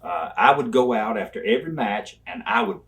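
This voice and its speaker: A man's voice: mid-range voice, fairly quick, creaky, recorded from a distance. An older man, telling wrestling stories in an interview and acting out old exchanges with gusto. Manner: animated storyteller who acts out quotes loudly. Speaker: interview guest. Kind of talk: storytelling interview.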